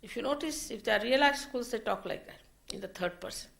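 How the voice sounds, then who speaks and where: A woman giving a slow, deliberate spiritual lecture, in a 1990 archive recording. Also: fairly high pitch, expressive, gravelly, a bit bright. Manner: slow, deliberate teaching with rising emphasis. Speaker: spiritual teacher.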